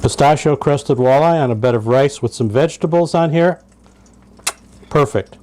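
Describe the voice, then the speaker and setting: A man's voice: mid-range voice, moderate pace, a little mellow, low-quality recording. A man walking through a fish recipe in a casual cooking demonstration, talking through each step. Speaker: fishing captain cooking fish.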